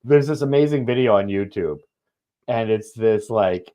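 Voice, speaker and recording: A man's voice: lowish voice, moderate pace, mellow. A man co-hosting a casual live football watch-along, laid-back and swearing freely, with lots of "man" and "yeah". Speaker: co-host.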